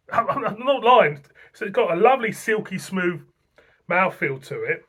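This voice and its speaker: A man's voice: high voice, expressive, a little slow, fairly bright tone, breathy edge. A man from Britain gushing in a casual beer review vlog, repeating himself and laughing often. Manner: enthusiastic, repetitive, laughing often.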